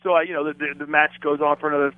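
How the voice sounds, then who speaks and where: Man, podcast guest, animated storyteller, tinny phone line. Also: fairly high pitch, very fast, no echo. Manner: animated storyteller, acts out quotes. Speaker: guest, former wrestling announcer. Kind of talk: casual podcast chat, storytelling.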